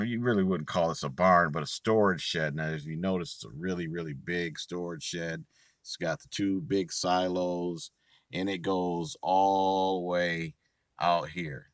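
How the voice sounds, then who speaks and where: A middle-aged man casually telling a profane, animated story in a vlog, full of slang. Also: sits low, no echo, studio quality. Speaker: vlogger.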